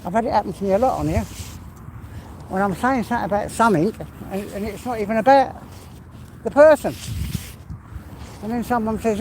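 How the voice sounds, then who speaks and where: With a high, slightly mellow voice, a man with an East London accent talks briskly but pauses often as he walks his dog for a live vlog chat. It's rambling and chatty with mild swearing, recorded outdoors amid urban traffic and street noise.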